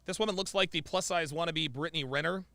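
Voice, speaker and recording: Gravelly, bright-voiced man mocking a clip. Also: on the high side, fast, no room sound. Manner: sarcastic, mimics others in quotes. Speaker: podcast host reacting to a clip. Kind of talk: mocking reaction commentary.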